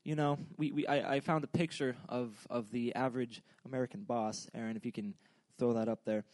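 A man's voice: medium pitch, steady tone, brisk, darkish tone, no room sound. A young man giving a humorous, casual sermon in a joking, rambling, self-deprecating way. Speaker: preacher.

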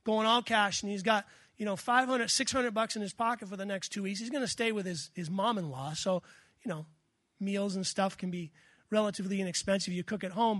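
Male pastor, sermon delivery; high voice, dry close sound, animated storyteller. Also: moderate pace, no room sound.

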